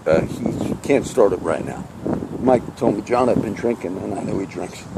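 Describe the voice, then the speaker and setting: A man's voice: lowish voice, moderate pace, creaky. Rambling man outdoors in wind. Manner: chatty, loses his train of thought. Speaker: vlogger. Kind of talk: rambling casual monologue. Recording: outdoor wind and traffic noise.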